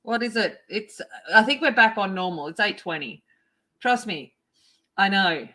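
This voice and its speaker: A woman hosting a coloring livestream, chatting casually and excitedly greeting her viewers by name. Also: mid-range voice, a little slow. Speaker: art livestream host.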